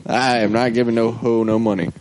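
Male co-host, relaxed and profane; faint noise behind. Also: mid-range voice, fairly quick. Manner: laid-back, profane storytelling. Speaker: podcast co-host. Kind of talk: casual banter among friends.

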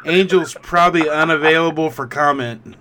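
A man co-hosts a casual chat in a slightly high voice. He repeats and restarts his words as he works through his thoughts. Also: moderate pace, bright, forceful tone, a little hiss or hum. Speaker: podcast co-host.

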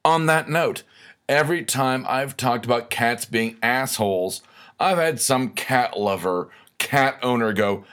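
A man's voice: mid-range voice, unhurried, a bit bright. A man hosting a comedic rant monologue, sarcastic, profane and rambling. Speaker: host of a weekly rant segment.

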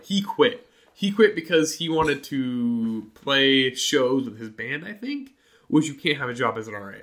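A young man telling a story in casual chat, animated and full of fillers. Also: medium pitch.

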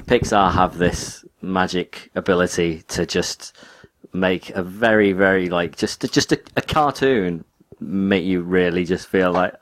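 A man's voice: deep voice, measured pace. A man, co-hosting a podcast in rambling, self-deprecating casual chat. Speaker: podcast co-host. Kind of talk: casual banter.

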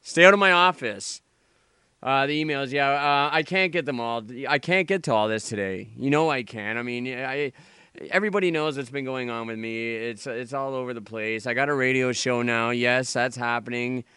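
A man's voice: medium pitch, moderate pace, sharp tone, smooth, no echo. A man playing a brash, profane radio host who complains on air in a comedic sketch. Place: radio studio.

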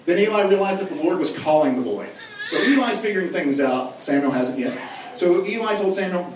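A young male youth pastor preaching in a relaxed, joking way, his voice sitting a bit high. He is heard from a distance in a big church hall full of echo, with faint background hum. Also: fairly quick. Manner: casual, joking, conversational preaching. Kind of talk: sermon. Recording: echoey hall from far off.

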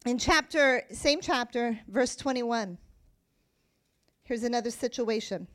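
A woman preaching a sermon, emphatic and rising to forceful declarations, reading scripture aloud more quietly. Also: fairly high pitch, slow pace.

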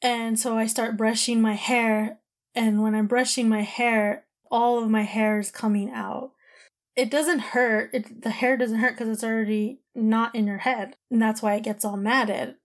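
A woman's voice: a little high, steady tone, unhurried. A woman in her thirties telling a personal story in a candid, emotional, rambling way, full of "like" and "you know".

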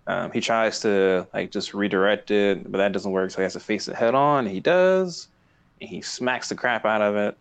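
A man's voice: fairly low pitch, clean tone. A man co-hosting a casual podcast, recapping a cartoon episode, often laughing and briefly mimicking characters. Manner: laughs often, retells scenes in quick character voices. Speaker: podcast co-host.

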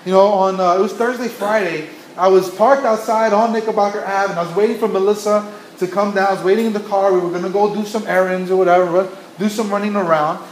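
A man's voice: high voice, steady tone, quick pace, a little hiss or hum. A man preaching a sermon as a pastor, telling stories earnestly with frequent restarts and repeated phrases. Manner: earnest storytelling with many restarts and repetitions. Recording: echoey room.

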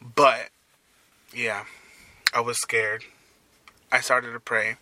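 A man's voice: mid-range voice, little pitch movement, drawn-out words, bright, forceful tone. A young man hosting a casual solo podcast from his parked car, rambling and swearing as he talks. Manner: crude, rambling, profane storytelling. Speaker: podcast host.

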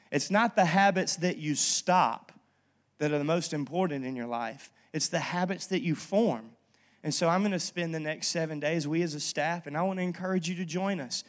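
A man preaching a sermon as pastor, talking in a casual, lively storytelling way and checking in with the congregation. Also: fairly high pitch. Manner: conversational, lively storytelling with frequent "okay?" asides. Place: church.

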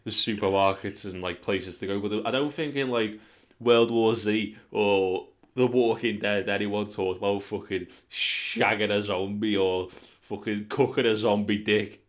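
A man's voice: on the low side, fairly even intonation, a little slow. A young man, chatting casually on a podcast, swearing freely and acting out voices in his stories. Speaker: podcast co-host. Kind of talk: casual chat.

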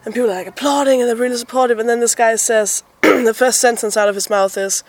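Animated, higher-voiced woman telling a story. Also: brisk, no echo. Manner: animated storyteller, acts out quotes, laughs often. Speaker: podcast co-host. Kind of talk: casual chat.

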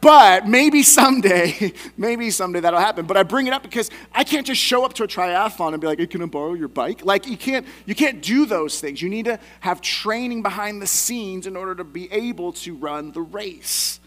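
A man's voice: high-pitched, lively intonation, moderate pace, few pauses, a bit bright. A man in his thirties, a pastor preaching a sermon in a conversational, self-deprecating way with personal asides.

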